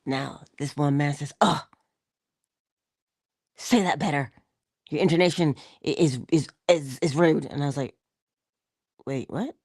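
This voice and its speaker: This middle-aged woman's deep voice is a little mellow and slightly rough as she hosts a casual morning inspiration talk. She tells a story with frequent laughter and whispers for emphasis, recorded cleanly in a studio without echo.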